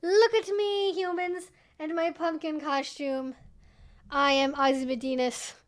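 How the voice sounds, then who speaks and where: A woman's voice: sits high, steady tone, slow. A woman voicing a haughty regal cat. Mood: grandiose. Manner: grandiose, proclaiming.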